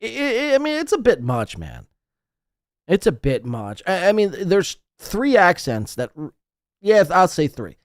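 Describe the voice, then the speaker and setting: Ranting profane man, animated pitch. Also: measured pace, no room sound, studio quality. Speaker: podcast host. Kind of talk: casual reaction commentary.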